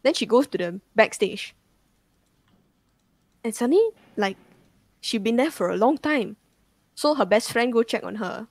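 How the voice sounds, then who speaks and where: A woman's voice: a little high, animated, measured pace, pauses often, dry recording. A young woman tells a ghost story casually, rambling with lots of "like" and swearing. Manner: rambling, full of "like" fillers and swearing.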